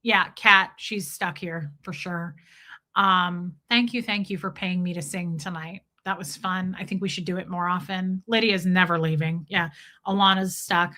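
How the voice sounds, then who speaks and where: A woman's voice: fairly low pitch, steady tone, moderate pace, bright, forceful tone. A woman hosting a livestream, telling rambling, jokey stories in a casual chat with viewers. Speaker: livestream host.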